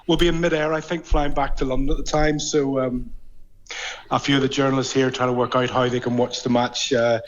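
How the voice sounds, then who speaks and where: Belfast man, radio sports guest, hesitant with ums, mid pitch, muffled lo-fi line. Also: level tone, a little fast, slight background noise. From Northern Ireland. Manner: hesitant, many ums and restarts. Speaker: guest rugby journalist. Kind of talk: casual radio interview chat.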